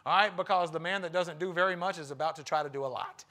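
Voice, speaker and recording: Male preacher, high voice, conversational sermon with acted-out quotes. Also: quick pace, bright, forceful tone. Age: young adult to middle-aged, a father. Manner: conversational, acts out quotes with shifting pitch. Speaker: guest preacher. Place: church sanctuary.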